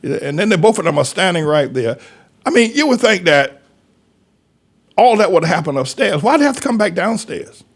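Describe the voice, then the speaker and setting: A man's voice: high voice, sing-song, normal speed. A man, a pastor, rambling through a folksy commentary monologue with chuckling asides.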